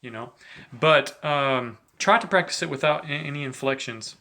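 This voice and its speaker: A man giving a relaxed, chatty saxophone lesson, talking between played examples and filling his talk with "you know". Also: fairly high pitch, moderate pace, vocal fry. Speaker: saxophone teacher. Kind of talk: casual instructional talk between playing examples.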